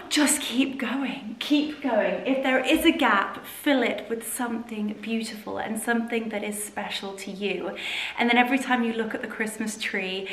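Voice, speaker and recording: A woman's voice: fairly high pitch, a bit bright, reverberant, slight background noise, poor audio. A British woman vlogging from her living room as she decorates, chatty and gushing, getting sentimental. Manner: gushing, affectionate, prone to getting emotional and laughing. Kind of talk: chatty vlog narration while decorating. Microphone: camera on tripod.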